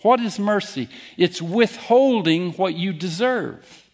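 Slow, emphatic preaching man. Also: sits high. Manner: emphatic, deliberate preaching with direct challenges to listeners. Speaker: pastor. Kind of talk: sermon.

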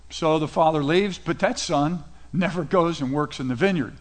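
Middle-aged male pastor, high-pitched, casual storytelling sermon delivery. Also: moderate pace. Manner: conversational preaching, retells scripture in casual paraphrase.

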